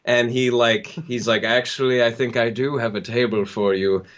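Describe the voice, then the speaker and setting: Young man telling a story, lo-fi sound. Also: medium pitch. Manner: animated, acts out the people in his story with quick laughs. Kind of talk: casual storytelling. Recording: dull lo-fi sound.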